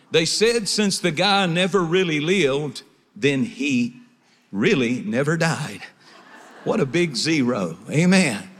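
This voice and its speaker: A man's voice: fairly high pitch, fairly bright tone. A man preaching a sermon as pastor, mixing jokes and stories with exhortation. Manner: humorous storytelling, preacherly. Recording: long hall reverb.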